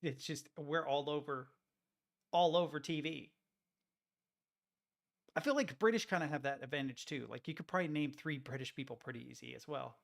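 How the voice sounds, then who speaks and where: A man's voice: on the high side, normal speed, gravelly, pauses often. A man chatting casually with his live-stream chat, joking, laughing often and rambling through self-interruptions. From United States.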